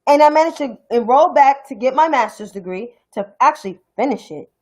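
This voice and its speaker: A woman's voice: high-pitched, expressive, brisk, low-quality recording. A young adult woman from New York City with a New York accent, giving a blunt, profane, heated political rant on her own stream. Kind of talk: ranting political commentary.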